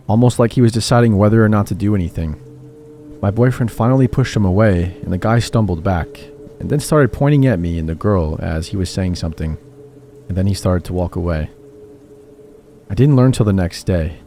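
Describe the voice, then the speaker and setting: A man with a low, dark voice reads a horror story aloud in a measured, steady way. Faint music plays under his narration. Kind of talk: scripted narration of horror stories. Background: faint background music.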